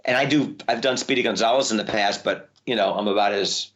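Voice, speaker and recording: A man, a voice actor, telling stories in a casual interview with a lively manner. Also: fairly quick, highs cut off. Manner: lively, jumps up in pitch when excited. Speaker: voice actor guest.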